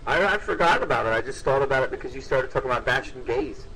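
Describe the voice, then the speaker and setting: A man's voice: mid-range voice, animated, fast talker, a bit bright, rough recording. A man hosting a podcast, teasing his guest in swearing banter. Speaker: podcast host. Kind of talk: casual chat.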